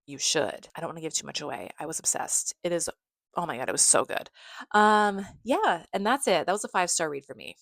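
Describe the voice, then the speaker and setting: A young woman talks through her reading month in a relaxed, effusive way, dropping the odd swear. Her voice sits low for a woman, and the close mic is dry with no room sound. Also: quick pace, gravelly, no echo. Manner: chatty and effusive, swears casually. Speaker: book vlogger. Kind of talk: casual monthly book recap.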